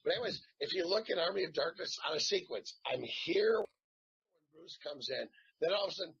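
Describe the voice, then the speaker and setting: A man telling a long, casual story as a guest actor, animated and peppered with swearing. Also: a little high, brisk, vocal fry, slightly rough. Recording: dull lo-fi sound.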